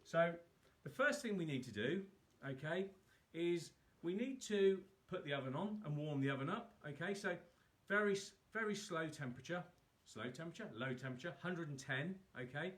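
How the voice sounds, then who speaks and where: A man's voice: on the high side, lively intonation, moderate pace, fairly bright tone. A man hosting a live cook-along, chatting casually and poking fun at himself as he talks viewers through each step. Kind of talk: casual live cooking demo.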